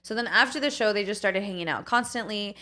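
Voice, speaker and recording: Woman podcast co-host, bright tone, casual gossip storytelling, filler-heavy rambling. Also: mid-range voice, quick pace.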